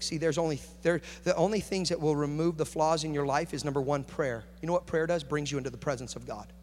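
Preaching man in an echoey hall. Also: on the high side. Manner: builds from hushed to shouting intensity. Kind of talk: sermon. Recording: echoey hall with faint hum.

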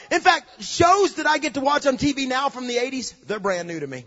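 A man preaching a sermon, telling stories and building to emphatic shouts. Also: very high-pitched, animated, a little fast, muffled recording.

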